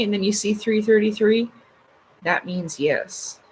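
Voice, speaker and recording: A woman's voice: medium pitch, a little slow, a little mellow, a little hiss or hum, poor audio. A woman hosting a casual livestream, chatting loosely with her viewers, full of fillers and swearing freely. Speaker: livestream host. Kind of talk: casual live chat reading comments.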